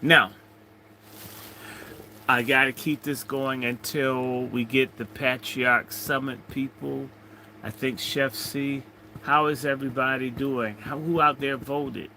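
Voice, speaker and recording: A man's voice: medium pitch, steady tone, slow, pushed and bright, slight background noise, low-quality recording. A man hosting a casual livestream, rambling and joking as he reads out viewer comments. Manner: rambling, jokey, chatting to viewers. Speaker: livestream host.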